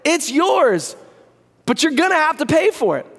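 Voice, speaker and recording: A man's voice: extremely high pitch, big pitch swings, normal speed, a bit bright, in a large hall, pitched above the performer's own voice, exaggerated voice. A man voicing a matter-of-fact pawn shop owner in a sermon story. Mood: breezy. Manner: breezy, unbending.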